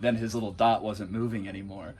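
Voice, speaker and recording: A man telling a road-trip story in a casual, animated way, laughing often as he talks. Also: fairly low pitch, fairly quick, background noise. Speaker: support driver for a cross-country bike ride.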